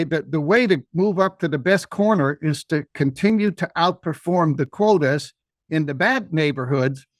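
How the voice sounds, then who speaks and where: A man's voice: fairly high pitch, no room sound, studio quality. An older man telling a personal story in a rambling, folksy way as a podcast guest.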